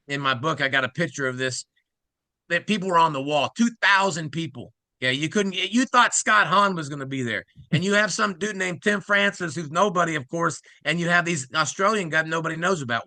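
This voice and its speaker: A middle-aged man from Ohio, excitedly telling his conversion story as an interview guest and acting out the quoted speech of others. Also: a little high, dry recording. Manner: excited, acts out quoted speech, fast asides.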